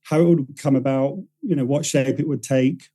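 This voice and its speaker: Rambling man with a very dark voice. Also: mid-range voice, steady tone, moderate pace, poor audio. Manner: rambling, self-correcting storyteller who acts out quoted voices. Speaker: writer-director guest. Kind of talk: casual podcast interview.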